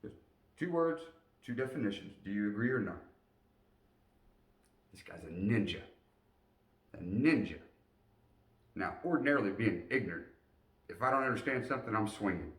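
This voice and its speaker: A man tells a personal story in a very low voice, animated and acting out the people in it. The sound is roomy, with a noticeable echo. The mic sits some distance away. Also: normal speed, long pauses. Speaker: motivational storyteller.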